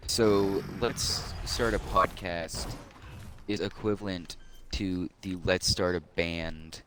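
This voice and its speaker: A man's voice: deep voice, fairly even intonation, slow pace, fairly bright tone, slight background noise. A man co-hosting a podcast, chatting casually and telling rambling stories, swearing freely. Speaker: podcast co-host. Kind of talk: casual chat.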